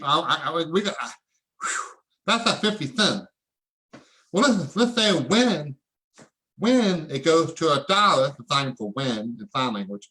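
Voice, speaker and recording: A man presenting at a live online event, excitable and preachy, calling on viewers to answer in the chat. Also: mid-range voice. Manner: excitable, preachy, calls for audience responses.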